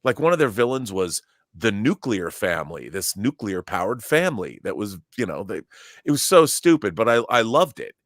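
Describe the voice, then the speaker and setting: A man's voice: on the low side, normal speed, dry recording, studio quality. A man guesting on a casual video talk show, telling stories about movies and comics with stammering restarts and frequent laughs. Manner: animated storyteller, stammering restarts, laughs often. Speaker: guest commentator.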